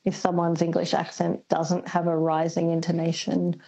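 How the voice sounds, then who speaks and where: A woman, a linguist guest on a radio show, explaining carefully with frequent pauses and ums. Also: fairly low pitch, monotone, creaky, warm tone, low-quality recording. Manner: thoughtful, explanatory, many ums. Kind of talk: radio interview.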